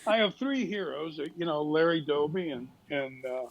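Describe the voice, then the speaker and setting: An older man telling lively anecdotes as a talk show guest, dropping into quick impressions of other people. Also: fairly high pitch, dull audio. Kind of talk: casual storytelling interview.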